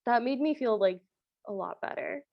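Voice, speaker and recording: Podcast co-host, female, fairly high voice, casual chatty asides. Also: expressive, normal speed, gravelly, no room sound, lo-fi sound. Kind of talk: casual recap chat.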